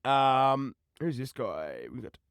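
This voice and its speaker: A man's voice: medium pitch, sing-song, slow pace, fairly bright tone, clean tone, no echo, clean studio sound. A young Australian man hosting a call-in podcast, rambling in slang and ending lines with "cuz" and "bro.". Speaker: podcast host. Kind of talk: casual chat answering callers.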